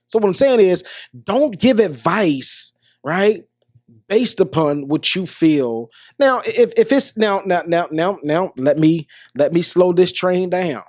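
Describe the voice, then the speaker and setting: A man's voice: sits high, a little mellow, no echo. Earnest male podcast host, dry sound. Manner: earnest, repetitive, restarts often, addresses listeners directly. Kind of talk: motivational monologue.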